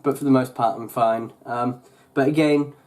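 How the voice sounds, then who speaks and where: A man's voice: medium pitch, fairly even intonation, normal speed, a little mellow. Rambling young man chatting on a vlog. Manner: rambling, full of fillers and restarts. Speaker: YouTuber. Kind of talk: casual vlog chat.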